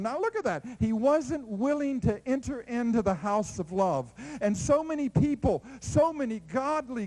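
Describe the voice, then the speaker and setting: A man preaching a sermon in a lively, playful storytelling way, swinging between loud exclamations and hushed asides. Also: extremely high pitch, poor audio.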